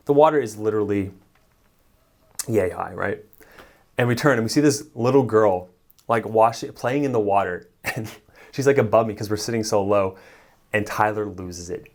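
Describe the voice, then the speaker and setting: Man, relationship coach, somewhat low voice; casual animated storyteller, filler-heavy, chuckles between phrases. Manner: animated storyteller, frequent "like" and "right?", chuckles while talking. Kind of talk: casual advice monologue to the camera.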